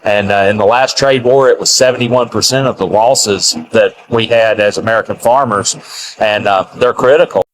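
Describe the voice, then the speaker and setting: A man speaking for farmers in a news clip, measured and halting with frequent fillers. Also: on the low side, steady tone, no room sound, poor audio. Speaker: farm advocate.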